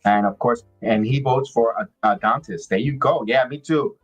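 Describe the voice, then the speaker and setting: A man in the middle of a relaxed live watch-along chat, talking at an ordinary mid pitch. He rambles and restarts his thoughts often while faint music plays behind him. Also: breathy edge, poor audio. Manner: rambling, halting, many restarts. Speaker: podcast host.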